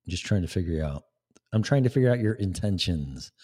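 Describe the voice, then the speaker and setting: A man's voice: sits low, animated, brisk, dark tone, breathy edge. A man hosting a live talk show, speaking in a blunt, sarcastic, rambling way. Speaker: podcast host. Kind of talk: casual live-show monologue.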